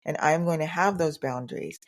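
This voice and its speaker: A woman hosting a solo podcast, speaking earnestly and reflectively at an unhurried pace, often repeating phrases for emphasis. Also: sits low. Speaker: podcast host.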